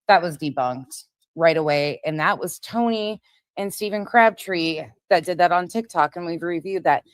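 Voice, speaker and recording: A woman's voice: deep voice, no echo. A woman hosting a livestream, commenting bluntly on a clip to her chat. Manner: blunt, talks over clips to chat. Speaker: livestream host.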